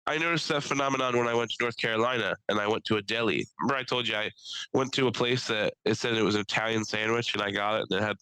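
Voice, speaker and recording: A young man from the Philadelphia area, hosting a podcast and telling crude stories in a casual chat, doing quick voices for the people in them. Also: fairly low pitch, smooth, dry recording, low-quality recording. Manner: animated storytelling with crude jokes and voices. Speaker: podcast host.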